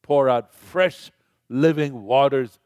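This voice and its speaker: A man's voice: medium pitch, takes it slowly, a little mellow, clear, resonant tone, no echo, studio quality. An older man giving a sermon as a preacher, talking in a conversational way and putting questions to the congregation.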